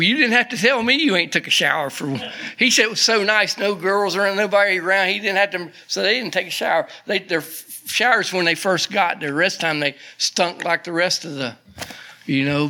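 A man's voice: high-pitched, a little fast, pushed and bright. A man, a pastor giving a folksy radio Bible study sermon. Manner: folksy, chatty asides and laughter.

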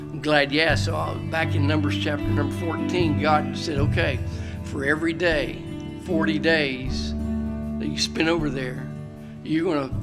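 A man preaching a sermon as pastor, reading scripture aloud loudly and dropping to quiet, folksy asides. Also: a little high.

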